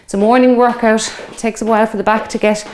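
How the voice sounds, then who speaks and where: A woman's voice: on the high side, flat delivery, fast talker, a little hiss or hum. A woman in her fifties leading a workout, chatty and encouraging, counting reps aloud while out of breath from exercising along. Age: 50s. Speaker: fitness instructor. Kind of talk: guided workout instruction.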